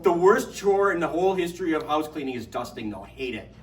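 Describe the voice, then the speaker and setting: A man's voice: fairly high pitch, fast talker. Joking middle-aged man speaking in a hall. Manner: lively, joking, storytelling. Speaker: adult formation speaker. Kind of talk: parish talk to an audience. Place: parish hall. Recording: echoey hall from far off.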